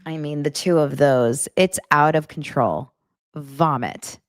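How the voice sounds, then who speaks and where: A woman's voice: low-pitched, slow pace, no room sound, clean studio sound. A young adult woman hosting a celebrity gossip show, talking in a gushing, dramatic way with exaggerated reactions. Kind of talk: casual gossip commentary.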